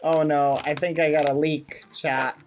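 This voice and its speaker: This male streamer talks casually during a livestream, his somewhat high voice flat and a little slow, with background noise and background music present. Nervous and fretful, he swears gently by saying "fudge."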